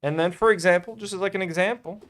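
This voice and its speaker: A man's voice: high voice, fast, a bit bright. A young man hosting a casual hobby vlog, chatty and self-delighted, full of fillers. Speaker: toy-building channel host.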